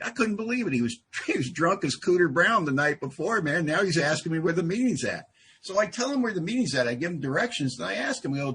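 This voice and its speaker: Very husky man telling a wry story. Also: a little high, animated, fast talker, a bit bright. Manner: self-deprecating, wry, acts out quoted exchanges. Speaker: AA meeting speaker. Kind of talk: humorous personal storytelling speech. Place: live group meeting.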